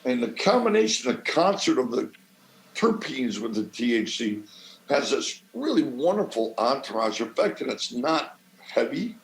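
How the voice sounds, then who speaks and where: A man from the American Midwest, a podcast guest who grows cannabis, telling stories in a swaggering, salty, animated way. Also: medium pitch, normal speed, reverberant, low-quality recording. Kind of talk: casual storytelling.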